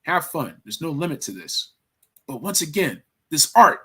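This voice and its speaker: A man runs a casual livestream about toy figures, excitable and full of slang, laughing a lot and talking to his viewers. His voice is husky and medium-pitched, at normal speed.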